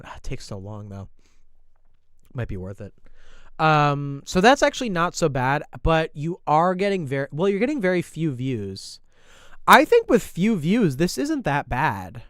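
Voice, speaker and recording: Casual streamer, male, slight New York accent, clear smooth voice, dry close sound, chatty and halting. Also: on the high side, dry recording. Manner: rambling, thinking aloud, many fillers and restarts. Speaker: YouTuber reviewing creator posts on stream. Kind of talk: casual livestream commentary.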